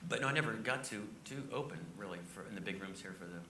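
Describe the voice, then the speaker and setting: A middle-aged comedian racing through excitable stories. His voice is very bright and forceful. The room echoes, and he sounds set back from the mic. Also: on the low side, far from the mic, slight background noise. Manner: fast, excitable, laughing anecdotes. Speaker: comedian guest. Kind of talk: animated storytelling.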